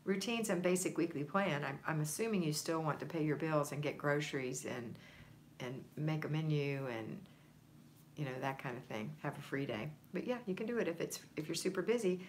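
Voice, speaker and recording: A woman's voice: low voice, animated, a little fast, slight background noise. A woman coaching viewers on a livestream, reading their comments aloud and encouraging them in a chatty, conversational way. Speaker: home organizing coach.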